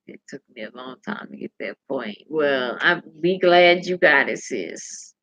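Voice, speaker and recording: A woman's voice: low voice, expressive, a little slow, fairly bright tone. A woman hosting a casual livestream chat, salty and candid, talking straight to her viewers and telling stories. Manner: chatty, addresses viewers directly. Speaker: livestream host reading viewer comments. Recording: dull lo-fi recording.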